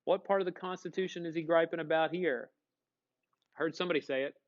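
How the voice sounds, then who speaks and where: A male teacher giving a casual classroom lecture, animated and quizzing the class. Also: on the high side, fast talker, highs cut off.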